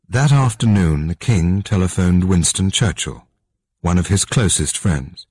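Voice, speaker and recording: A man narrating an audiobook in a calm, measured storytelling manner. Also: low voice, slightly rough, dry recording. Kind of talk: scripted narration.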